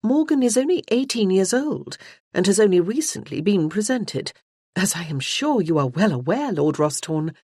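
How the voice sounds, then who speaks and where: A woman's voice: medium pitch, very animated, moderate pace, mellow, dry recording, studio quality, pitched above the performer's own voice. A woman voicing a proud, scornful noblewoman in an audiobook. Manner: crisp, scornful.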